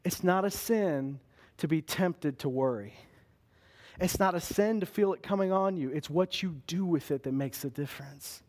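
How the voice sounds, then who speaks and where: A man preaching a sermon, talking straight to his listeners and jumping into panicked voices when he acts out a scene. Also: normal speed. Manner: animated, acts out panicked voices with big pitch swings. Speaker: pastor.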